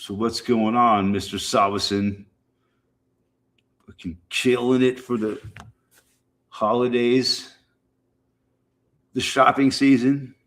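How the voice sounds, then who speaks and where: A man's voice: mid-range voice, steady tone, slow, long pauses, fairly bright tone. A middle-aged man chatting casually and rambling to his stream viewers, swearing freely and repeating himself. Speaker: livestream host.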